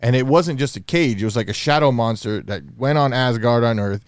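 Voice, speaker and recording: A man in a casual chat, arguing his side and pushing back. His voice has an ordinary middle pitch. The sound is dry. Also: a little fast, clean tone, no echo. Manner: argumentative, pushes his point.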